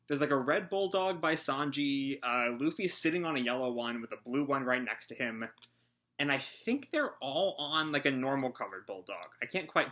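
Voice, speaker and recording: A man's voice: mid-range voice, bright, forceful tone. A man hosting a casual live reaction, out of breath and rambling through a hesitant recap. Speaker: manga reaction host.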